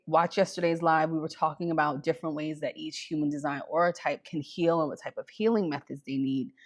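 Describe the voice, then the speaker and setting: A woman's voice: sits low, vocal fry, darkish tone. A woman hosting her own live stream, chatting casually with lots of ums and repeated greetings. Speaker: livestream host.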